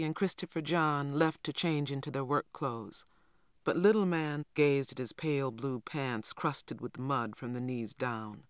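A man narrating an audiobook in a measured, steady storytelling voice. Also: medium pitch, smooth, no echo, clean studio sound. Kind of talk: scripted narration.

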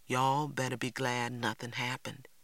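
A man voicing a serious older boy in a storybook, calm and secretive, speaking quietly and steadily. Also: medium pitch, normal speed, no echo. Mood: hushed.

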